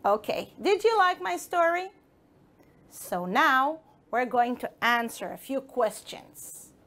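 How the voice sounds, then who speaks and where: A woman's voice: high-pitched, expressive, slow pace, fairly bright tone. A woman with an Israeli accent teaching an English lesson to children, encouraging them and asking them questions. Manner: encouraging, addresses pupils directly with questions. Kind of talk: broadcast school lesson for children.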